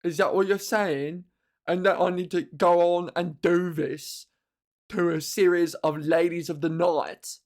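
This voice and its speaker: A woman voicing a jittery Victorian London male killer in an exaggerated mock Cockney voice, louder and lower than her own talk, as a comedic podcast riff. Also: animated, unhurried, long pauses, lightly acted. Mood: menacing.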